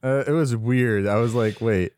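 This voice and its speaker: A man co-hosting a casual talk about a movie, relaxed and swearing often. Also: mid-range voice, normal speed, clear, resonant tone, no echo, studio quality. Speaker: podcast co-host.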